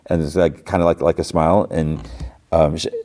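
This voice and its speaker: A man's voice: a bass voice, flat delivery, a little fast, mellow. A man hosting a podcast, recapping an episode casually and rambling with lots of "like" and restarts. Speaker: podcast host.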